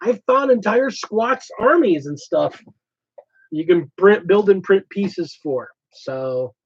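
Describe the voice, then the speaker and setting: A man's voice: high voice, expressive, slow pace, husky. A man hosting a casual hobby channel chat, thinking aloud as he explains his plans. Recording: slightly dull lo-fi audio.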